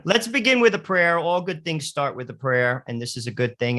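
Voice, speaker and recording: A man's voice: fairly high pitch, big pitch swings, fairly quick, few pauses, pushed and bright. A man co-hosting a Catholic talk radio show, energetically leading a recited prayer and then posing questions to the guest.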